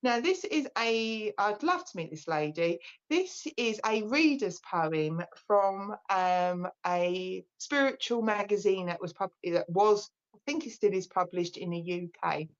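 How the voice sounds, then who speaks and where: A relaxed woman in her forties talks on a live spiritual stream, chatty and openly emotional. Her voice sits at an ordinary middle pitch. The stream audio is a little dull and lo-fi. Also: measured pace. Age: 40s. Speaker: psychic medium.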